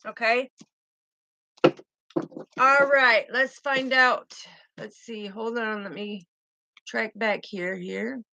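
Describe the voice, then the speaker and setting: A woman's voice: a little high, steady tone, extremely slow, creaky, pauses often, pushed and bright, rough recording. A woman giving a tarot reading to her viewers, soothing and affectionate, calling them sweetheart. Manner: soothing, calls viewers sweetheart and baby girl. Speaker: tarot reader.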